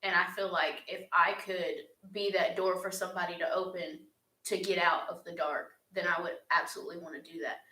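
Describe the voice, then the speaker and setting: Bright-voiced young woman, heartfelt chat. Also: on the low side, steady tone, brisk. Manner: earnest, heartfelt, chatty with laughs. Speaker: YouTuber answering fan questions. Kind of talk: casual chat. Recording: echoey room.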